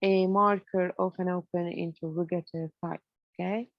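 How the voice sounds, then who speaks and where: A woman's voice: lowish voice, fairly even intonation, normal speed, no room sound, highs cut off. A woman explaining grammar step by step to students, often checking that they follow. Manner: explains step by step, fills with "you know" and checks understanding with "okay?". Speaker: English grammar lecturer. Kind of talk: explanatory lecture.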